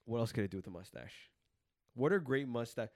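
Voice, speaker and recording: A man's voice: medium pitch, lively intonation, fairly quick, dry recording, studio quality. A young man co-hosting a podcast in casual chat, joking and often trailing off mid-thought. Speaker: podcast co-host.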